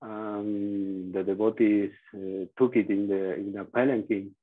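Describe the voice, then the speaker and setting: A man reporting hesitantly on a video call, with many fillers and pauses. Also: on the low side, little pitch movement. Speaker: devotee reporting from a pilgrimage town. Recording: tinny phone-like call.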